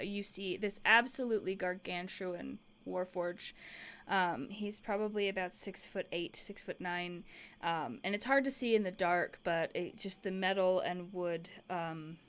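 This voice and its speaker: A woman's voice: lowish voice, smooth. A woman narrating a tabletop game as game master, casual, with many fillers and restarts.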